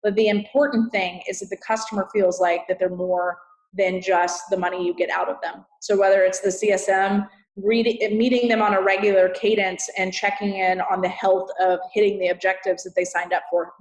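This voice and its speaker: A woman's voice: mid-range voice, flat delivery, moderate pace. A woman with a Texas accent, a guest on an interview podcast, talking earnestly and emphatically about her field. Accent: Texan. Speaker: guest, customer success consultant. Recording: roomy echo.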